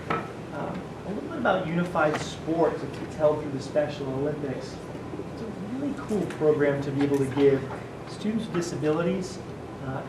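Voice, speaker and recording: A man presenting as school superintendent at a public meeting, informal and upbeat, with many fillers. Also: a little high. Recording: distant roomy mic, noisy.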